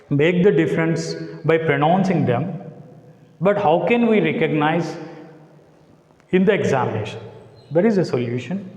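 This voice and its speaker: Slow Indian English teacher in echoey room. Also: male voice, on the high side, darkish tone. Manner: slow and deliberate, repeats words to model stress. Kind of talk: classroom lecture. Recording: echoey classroom, voice sometimes off-mic.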